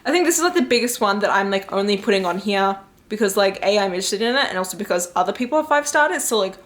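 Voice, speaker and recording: A woman talking casually to camera as a book vlogger, chatty and excitable, filling her talk with fillers. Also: medium pitch, very fast. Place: home in New York.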